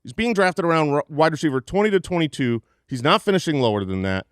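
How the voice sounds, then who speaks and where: A man co-hosting a fantasy football podcast, rattling off stats with energy, jumping high in pitch when excited and laughing often. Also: fast, smooth, dry recording, clean studio sound. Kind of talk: energetic stat-heavy sports podcast talk. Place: studio, live show.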